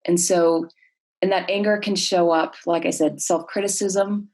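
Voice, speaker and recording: A woman counselor explaining her work in a conversational interview, thoughtful and halting, with many fillers and restarts. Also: on the low side, steady tone, darkish tone.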